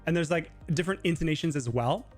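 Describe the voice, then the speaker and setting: A man hosting a live teaching stream talks through his points in a loose, chatty way, leaning on lots of filler words. His voice sits a little on the high side. Faint music plays behind him. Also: animated, fast talker. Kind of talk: casual live Q&A explanation. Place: living in Japan.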